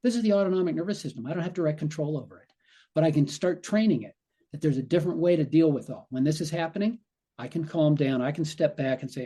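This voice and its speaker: A man's voice: fairly high pitch, fast talker, mellow. A male physician guest on a podcast, explaining in conversation and acting out the brain's inner voice in quoted asides.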